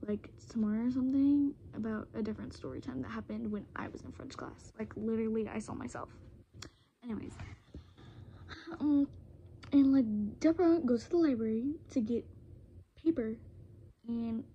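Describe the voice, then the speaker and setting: A woman's voice: on the high side, moderate pace, long pauses, lo-fi sound, a little hiss or hum. A teenage girl, rambling through a casual storytime vlog with lots of fillers and restarts, close to a phone camera.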